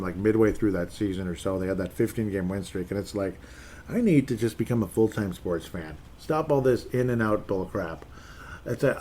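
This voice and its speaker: A man's voice: on the low side, darkish tone. A man in his forties hosting a solo sports podcast, chatty and rambling, often correcting himself mid-sentence as he reads listener messages. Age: 40s. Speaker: podcast host. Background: faint background noise.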